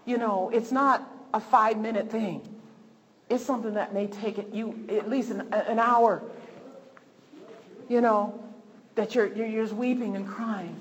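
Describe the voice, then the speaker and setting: A woman's voice: a little high, fairly even intonation, a little slow, pauses often, muffled recording. A woman preacher delivering a fervent sermon, repeating phrases for emphasis. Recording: long hall reverb, faint noise.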